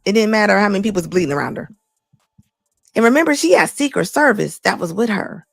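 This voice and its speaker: Blunt gravelly woman commentator. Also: mid-range voice, lively intonation, fast talker, no echo, clean studio sound. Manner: blunt, emphatic, repeats lines for effect. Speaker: commentary host. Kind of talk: casual reaction commentary.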